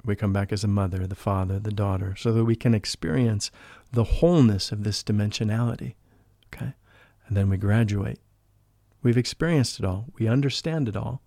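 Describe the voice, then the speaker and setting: A man talking as a guest in an interview, telling a personal spiritual story in an earnest, emotional way. He often drops into a hushed voice when he quotes people. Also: on the low side, a little fast, no room sound, clean studio sound. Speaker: podcast guest, spiritual life coach.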